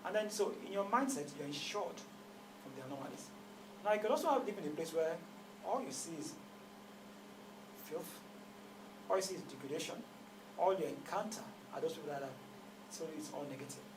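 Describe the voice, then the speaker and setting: A man's voice: fairly high pitch, expressive, fairly quick, pauses often, noisy background. A man with a Nigerian accent, a guest speaking emphatically and asking rhetorical questions in his office. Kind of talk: conversational interview.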